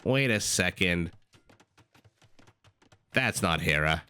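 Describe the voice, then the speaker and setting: A man's voice: sits low, lively intonation, slow pace, bright, forceful tone, smooth, dry recording, exaggerated voice. A man voicing a brash New Yorker figure who insists on correcting himself. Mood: insistent. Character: his own eyes arguing back, a brash New Yorker man.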